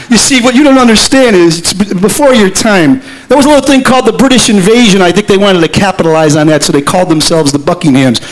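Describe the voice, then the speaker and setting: A man's voice: sits high, fast, few pauses, poor audio. A middle-aged man, a lead singer, chatting playfully with the audience between songs on a concert stage. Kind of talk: stage patter at a live concert. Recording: live concert recording with loud band. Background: loud band music.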